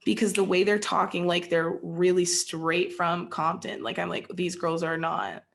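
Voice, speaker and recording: A woman's voice: fairly low pitch, flat delivery, moderate pace, creaky. A young adult woman hosting a casual podcast conversation, candid and incredulous, speaking with many fillers. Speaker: podcast host.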